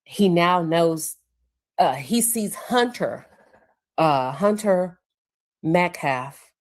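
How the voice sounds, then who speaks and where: Woman livestream host with a deep, low voice; casual and chatty, stops to look at her notes. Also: expressive. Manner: conversational, pauses to check her notes. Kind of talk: casual livestream commentary recounting court testimony.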